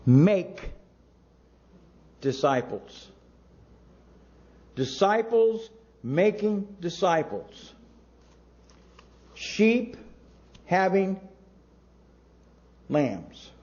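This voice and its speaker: Male pastor, sermon delivery, slow and emphatic, mellow tone, lo-fi sound. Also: high voice, very animated. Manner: slow, emphatic preaching with long pauses between words.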